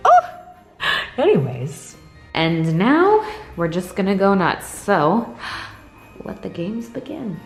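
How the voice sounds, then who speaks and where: A young woman vlogging casually, gushing and excitable with frequent gasps and giggles, over background music. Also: medium pitch, takes it slowly, long pauses. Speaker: lifestyle vlogger. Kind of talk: casual vlog chat.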